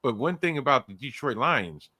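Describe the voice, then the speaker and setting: A man co-hosting a casual sports podcast, his voice bright and forceful as it swings high and low. He talks playfully and repeats phrases for emphasis. The sound is dry and close. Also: lively intonation, normal speed, dry recording. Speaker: podcast co-host. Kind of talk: casual sports betting chat.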